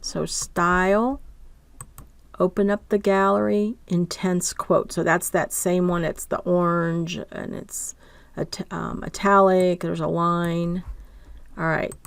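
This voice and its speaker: A woman with a lowish voice walks through a software lesson step by step at an unhurried pace. She narrates each click and keeps checking in with the listener. Her voice sounds close and dry, with no room around it. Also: level tone, creaky, clear, resonant tone, dry recording. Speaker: instructor.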